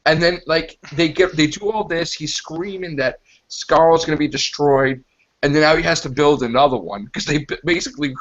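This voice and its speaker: A man co-hosting a casual podcast chat, rambling and animated as he pitches ideas and acts out quick quotes. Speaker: podcast co-host. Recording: dull lo-fi sound.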